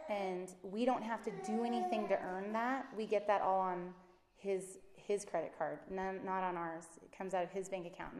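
A woman in her thirties giving a chatty, animated sermon full of personal stories. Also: medium pitch. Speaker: women's ministry speaker. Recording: echoey room.

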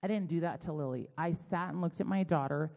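A woman's voice: on the low side, fairly quick, vocal fry. Chatty woman preaching in a reverberant hall. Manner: chatty, self-deprecating, animated storytelling. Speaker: speaker at a church gathering. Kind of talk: conversational sermon.

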